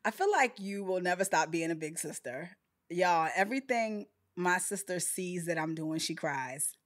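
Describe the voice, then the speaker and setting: A young woman hosting a casual podcast conversation, playful, laughing often, with animated asides. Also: fairly low pitch, moderate pace. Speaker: podcast host.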